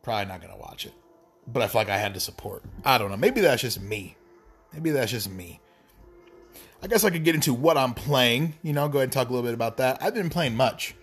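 A man rambles casually about games and movies, swearing freely and drifting off on tangents. His voice sits in an ordinary middle register. Soft music hums in the background. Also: mid-range voice, expressive, fairly quick, husky. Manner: profane, rambling, wry asides. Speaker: gaming vlogger.

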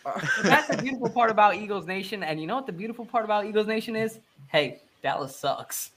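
Young male podcast host, bright and high-ish, hyped fan banter. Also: rapid-fire. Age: 20s. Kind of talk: casual sports podcast chat.

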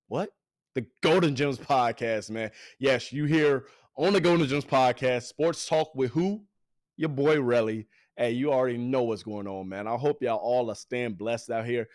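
A man's voice: medium pitch, measured pace, no echo, clean studio sound. A young man, hosting a podcast with hyped, preachy, repetitive motivational talk. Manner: hyped, preachy, repeats himself. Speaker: podcast host.

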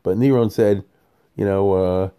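A man's voice: on the low side, steady tone, measured pace, warm tone, smooth. A man teaching a conversational Torah class, digressive and chatty, often checking in with his listeners and chuckling between points.

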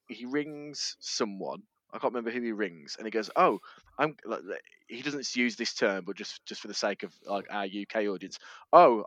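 A man on a casual film review podcast, rambling with halting restarts and laughing as he tells a story. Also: on the low side, fairly bright tone, dry recording. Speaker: podcast co-host.

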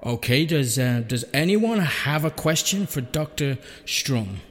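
A man's voice: mid-range voice, animated, a little slow, long reverb tail. A man acting as a formal, stumbling compère in a comedy sketch.

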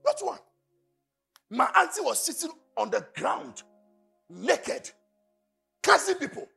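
A man with a Ghanaian accent preaching a sermon. He shouts at the peaks and drops to low storytelling. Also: very animated, slow, creaky, faint music behind. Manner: fiery, shouting at the peak then dropping to low storytelling. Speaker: pastor.

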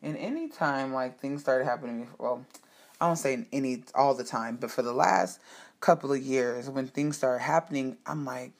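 A woman's voice: rumbling low, moderate pace. Candid woman sharing a personal story. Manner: heartfelt, emphatic storytelling with frank swearing. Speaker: host speaking to her audience.

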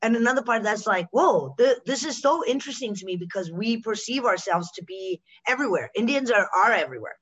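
An animated young woman from the United States chats casually on a podcast, trading jokes and acting out little quoted bits with plenty of swearing. Her voice sits at a middle pitch and comes through slightly dull and lo-fi. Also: fast talker, hardly any pauses, husky. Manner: animated, swearing, acts out quotes, laughs often. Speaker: guest, comedian and actress.

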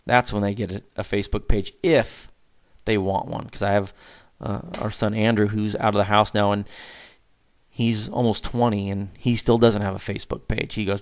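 A man in his forties giving casual parenting advice as a father, animated, chuckling often and jumping up in pitch on questions. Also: moderate pace. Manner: animated, acts out back-and-forth with his kids, chuckles often; pitch jumps up sharply on questions and emphasis.

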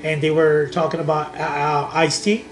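A young man with a somewhat high voice talks on a podcast. He rambles through his story with many restarts. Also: level tone, normal speed, soft background music. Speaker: podcast co-host. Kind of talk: casual chat.

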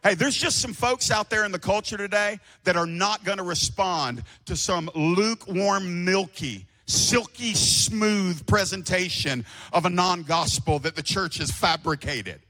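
A pastor preaches an impassioned sermon in church. His voice is forceful and bright and sits somewhat high for a man. He swings from shouting to quiet, hushed passages. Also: lively intonation, unhurried, few pauses. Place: church before a congregation.

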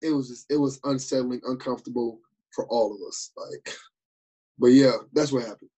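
Husky young man telling animated stories. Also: medium pitch, normal speed, rough recording. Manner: animated storyteller, slangy, acts out quotes. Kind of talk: casual chat.

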